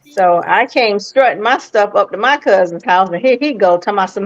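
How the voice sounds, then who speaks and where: A woman's voice: medium pitch, animated, a little fast, highs cut off. A woman telling a playful, self-mocking story in casual chat, laughing often.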